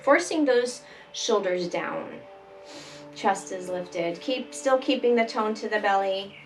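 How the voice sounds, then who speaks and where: A woman leading a chair yoga class, giving calm, gentle step-by-step cues for breathing and stretching. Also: medium pitch, takes it slowly. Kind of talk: guided exercise instruction. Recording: voice from a distance, faint background music.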